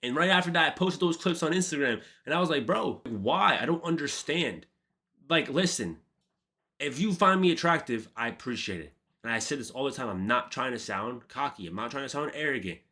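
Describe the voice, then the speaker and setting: A man streamer telling a casual story, animated and profane, full of slang and calling everyone bro. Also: mid-range voice, brisk.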